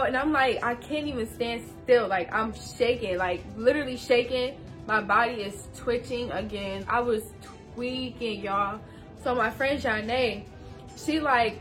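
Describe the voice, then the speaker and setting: A woman's voice: on the high side, normal speed, fairly bright tone, soft background music. A young woman telling a casual storytime, slangy and talking straight to viewers. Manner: slangy, addresses viewers directly.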